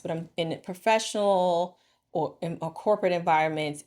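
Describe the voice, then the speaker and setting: A woman vlogger and marriage coach talking casually and reflectively to camera, expressive and thinking aloud. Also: on the low side.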